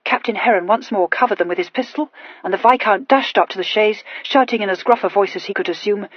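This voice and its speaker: Woman, audiobook narration, measured, husky, dull lo-fi recording. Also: mid-range voice, dry recording. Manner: even, measured storytelling. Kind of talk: scripted narration.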